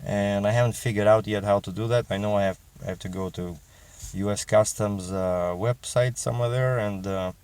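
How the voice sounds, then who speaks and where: A man's voice: on the low side, steady tone, normal speed, darkish tone, clear, resonant tone. A middle-aged man with a Russian accent, chatting in a casual vlog as a truck driver and rambling with many fillers and restarts.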